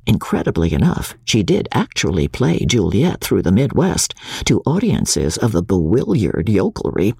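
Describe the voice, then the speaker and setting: A man narrating a novel in an expressive, theatrical reading style. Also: on the low side, normal speed, vocal fry, breathy edge, no room sound, studio quality. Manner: animated, theatrical delivery. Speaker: audiobook narrator.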